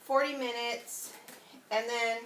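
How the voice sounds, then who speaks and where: A woman talks slowly and loosely, full of ums and little laughs, and sounds out of breath as she works. Her voice sits a little high and comes from a distance in an echoey room at home. A steady hiss sits under it. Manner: chatty, rambling, many ums, laughing. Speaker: home video reviewer. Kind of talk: casual product demo. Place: at home, indoors. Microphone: camera set away from her. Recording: echoey room, off-mic, noisy.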